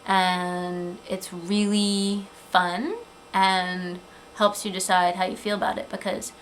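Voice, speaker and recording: A woman in her twenties talking in a casual, earnest personal vlog, chatty, with frequent ums and quick asides. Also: on the low side, level tone, a bit bright, low-quality recording. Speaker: vlogger. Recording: 2008 webcam video, faint room noise.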